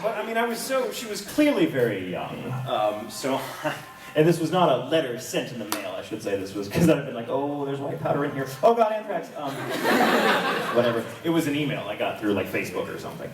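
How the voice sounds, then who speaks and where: A man's voice: a little high, very animated, moderate pace, heavy background noise. A man who voices characters, telling stories on a convention panel in a wry, self-mocking way and laughing often. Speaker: voice actor and panel guest. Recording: echoey convention hall, distant mic, crowd.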